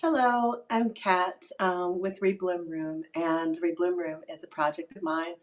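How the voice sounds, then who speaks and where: Hoarse woman guest on a video call. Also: fairly low pitch, measured pace. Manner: relaxed, rambling, laughs easily. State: hoarse, losing her voice. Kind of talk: casual interview chat.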